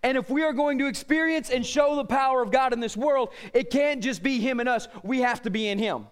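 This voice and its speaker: A middle-aged man preaches with fervent energy, his voice sitting very high for a man. His tone is smooth and clear, and he swings from shouted emphasis to low, quiet appeals. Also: brisk. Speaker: pastor. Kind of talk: sermon.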